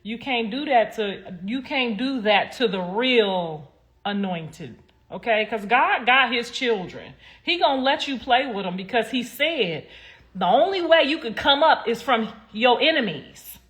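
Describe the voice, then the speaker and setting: A woman ranting on a casual livestream, blunt and heated, swearing freely and swinging between loud outbursts and low mutters. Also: animated, a little slow.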